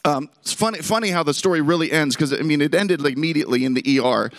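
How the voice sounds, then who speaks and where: A man in his thirties from Pittsburgh, telling a humorous personal story to a camp audience in an animated, self-deprecating way with call-and-response. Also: a little high, fast. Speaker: camp speaker. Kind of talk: storytelling sermon.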